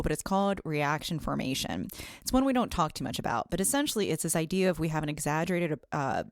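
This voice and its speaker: Woman psychologist guest, low and dry, earnest clinical explainer. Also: dry recording. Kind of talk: explanatory podcast talk.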